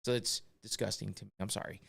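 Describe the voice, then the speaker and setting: A man's voice: fairly low pitch, fairly even intonation, quick pace, creaky, a bit bright, husky. Podcast host, man, fed-up rant, swears freely, laughs between gripes. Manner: profane, exasperated ranting with frequent laughs.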